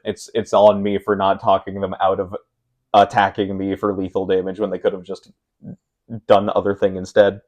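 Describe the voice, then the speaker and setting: A young man, a tournament player being interviewed, talking casually and walking through game decisions step by step, getting animated as he retells a frustrating loss. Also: low-pitched, moderate pace. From Pacific Northwest of the United States.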